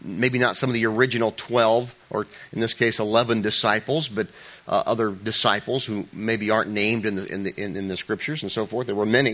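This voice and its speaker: A man's voice: mid-range voice, bright, forceful tone. A man preaching a conversational sermon as a pastor, informal and chatty, with joking asides and frequent restarts.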